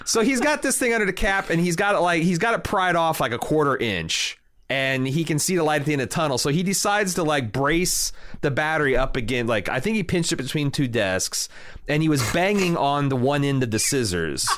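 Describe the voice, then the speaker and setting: A man's voice: fairly high pitch, fairly quick. A man from Indiana, around his thirties, telling a long story in casual chat, swearing freely and filling with "like" and "you know". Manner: animated storyteller, swears freely, lots of fillers.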